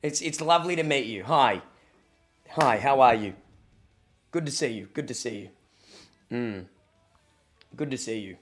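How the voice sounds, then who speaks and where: A man's voice: medium pitch, lively intonation, a little slow, pauses often, a bit bright, soft background music. A young Australian man, a streamer, chatting casually with his viewers, joking and reading the chat aloud, a bit sniffly from hay fever.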